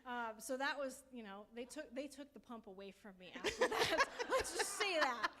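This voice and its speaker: Young adult woman, conference speaker; slightly high, laughs easily, casual and wry. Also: lively intonation, moderate pace, a crowd in the background. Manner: light, joking, laughs as she talks. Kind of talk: personal testimony talk.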